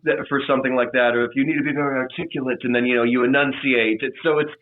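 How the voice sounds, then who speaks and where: A man's voice: mid-range voice, steady tone, very fast. A man talks casually as a guest, circling back on himself with fillers and restarts. His voice comes through thin and tinny, like a phone call. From Los Angeles. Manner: rambling, many restarts and fillers. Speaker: podcast guest. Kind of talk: casual chat.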